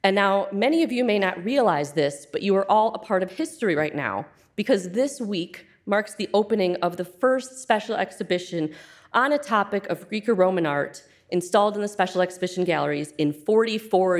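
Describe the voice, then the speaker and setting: A woman's voice: mid-range voice, lively intonation, moderate pace. A woman in her forties from the Chicago area, a curator giving a public lecture at a museum, chatty with frequent ums. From Chicago area, USA. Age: 40s. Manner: emotional and chatty at first, with many ums. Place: museum auditorium.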